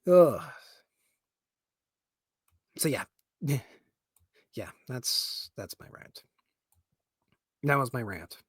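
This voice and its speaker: A man's voice: mid-range voice, sing-song, extremely slow, pauses often, husky, dry recording, studio quality. A young man with a Pittsburgh accent, hosting a podcast and ranting casually, laughing and restarting as he goes. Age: young adult. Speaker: podcast host. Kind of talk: casual rant.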